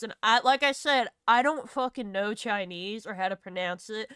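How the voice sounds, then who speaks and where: The studio-quality, echo-free audio captures a clear, resonant, slightly bright mid-range voice at normal speed. It's a woman with a Southern US accent on a drawing live stream, chatting casually, rambling, laughing and swearing freely.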